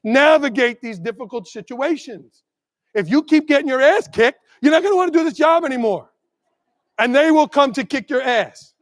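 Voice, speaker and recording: High-voiced energetic man in a reverberant hall. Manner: energetic, acts out quick dialogues with staff and parents. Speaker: keynote speaker. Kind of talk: motivational keynote speech. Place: large conference hall.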